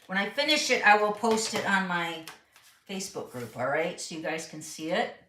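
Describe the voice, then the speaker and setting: A woman's voice: lowish voice, animated, normal speed, bright, forceful tone, recorded from a distance, a little hiss or hum. A middle-aged woman hosting a live card-making tutorial, walking viewers through each step and reading their questions aloud in a chatty way. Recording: roomy sound, voice a bit off-mic.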